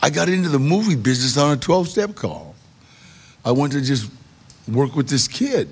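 A man telling his life story in a lively, conversational way, acting out the quotes from the people in it. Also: medium pitch, moderate pace. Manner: gravelly, animated storytelling with acted quotes. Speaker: storyteller guest. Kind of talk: personal storytelling.

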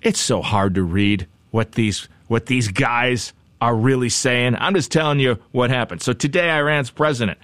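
A man's voice: medium pitch, moderate pace, hardly any pauses, fairly bright tone, dry recording. A man hosting news talk, giving conversational commentary with wry, chatty asides and repeated phrases.

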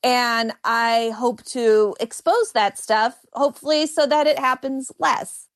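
A woman's voice: a little high, slow. Frank woman who stutters. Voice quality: stutters, with repeated sounds and blocks. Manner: frank and self-mocking. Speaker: comedian and guest. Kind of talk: candid interview chat.

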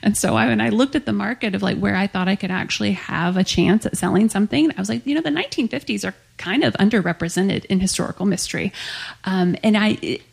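Chatty woman writer in a live interview; some vocal fry. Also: medium pitch, fast. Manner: chatty, many likes and ums. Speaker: author being interviewed. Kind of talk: conversational interview. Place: onstage at a live author event.

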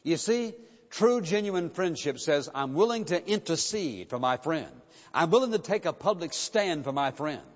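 A man's voice: fairly high pitch, animated, normal speed. A man preaching a sermon, reading scripture aloud and pressing his listeners with questions. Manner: expository preaching, reads scripture then challenges hearers. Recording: dull sound with long reverb of a hall.

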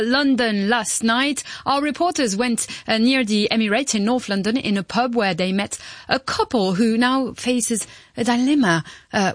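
A woman presenting live radio news, briskly linking interviews and reports. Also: mid-range voice, dry recording.

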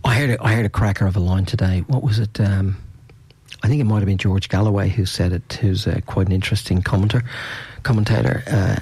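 A man's voice: lowish voice, steady tone, quick pace, darkish tone, husky, no room sound. A man hosting a casual radio chat, enthusiastic and rambling, with many fillers. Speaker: radio host.

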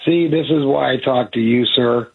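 A man calls in to a radio show while out sick, his voice gravelly and husky. He talks in a friendly, folksy manner, coming through a tinny, narrow phone line. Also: mid-range voice, normal speed. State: sick, rough voice. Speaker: caller.

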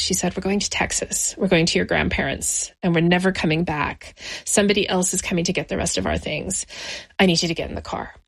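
A middle-aged woman looks back on her childhood for an interviewer. She tells it in a measured, reflective way, slowing into pauses. Her voice sits at an ordinary middle pitch. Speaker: interview guest. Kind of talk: personal memoir interview.

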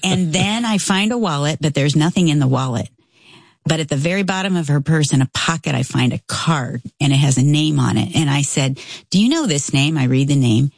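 Low gravelly woman telling a story. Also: brisk, no echo, clean studio sound. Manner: animated, acts out quoted voices. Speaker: storyteller guest. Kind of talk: casual storytelling.

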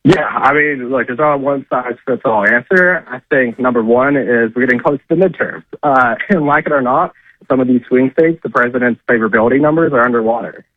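A man's voice: mid-range voice, brisk, no echo. A man calling in as a political correspondent, talking conversationally with many fillers. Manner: conversational, frequent "uh" and "I mean". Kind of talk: call-in political commentary. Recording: tinny phone line.

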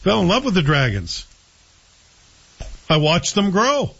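A man's voice: high-pitched, huge pitch swings, a little slow, a bit bright, breathy edge. A man hosting a casual chat show, rambling through his opinions on a TV series and often correcting himself. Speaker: host reviewing TV series. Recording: dull lo-fi sound.

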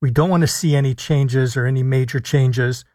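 A man hosting a live call-in radio show as a physician, explaining health policy in a measured way and stressing key words with deliberate pauses. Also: medium pitch, steady tone, warm tone, no room sound. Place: radio studio. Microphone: studio microphone.

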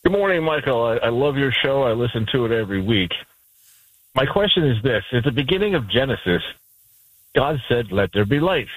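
A man's voice: mid-range voice, very animated, a little fast, no echo, rough recording. A man calling in to a radio show, polite and eager as he asks a question. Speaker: caller. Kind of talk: call-in question.

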